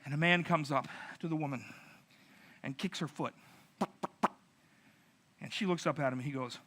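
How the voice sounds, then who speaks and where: Male preacher, middle-aged, lively storyteller, slightly high and bright. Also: moderate pace. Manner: animated storytelling with acted-out voices. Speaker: pastor. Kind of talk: narrative sermon.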